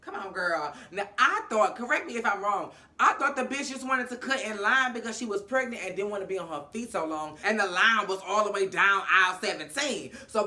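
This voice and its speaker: Animated, slangy woman with a bright voice. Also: mid-range voice. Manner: animated, acts out characters' lines in different voices; slangy and profane. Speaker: TV episode recap host. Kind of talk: casual storytelling recap.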